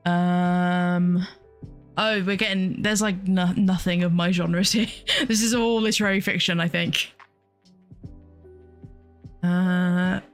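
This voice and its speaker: A young woman hosts a casual solo chat at a mid-range pitch. She talks in a loose, rambling way, with frequent exclamations and laughter. Faint music plays underneath. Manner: rambling and chatty, exclaims often, laughs a lot. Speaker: podcast host and streamer.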